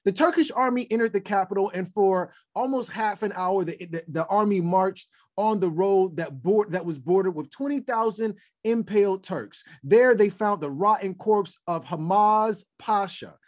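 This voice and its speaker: A man hosting a podcast, chatting casually and retelling history, animated and laughing often. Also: high-pitched, normal speed, hardly any pauses. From United States. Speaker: podcast host.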